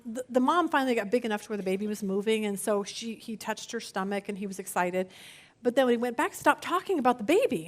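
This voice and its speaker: A middle-aged woman teaching a women's Bible study, earnest and lively, often repeating words and joking with the group. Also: fairly high pitch.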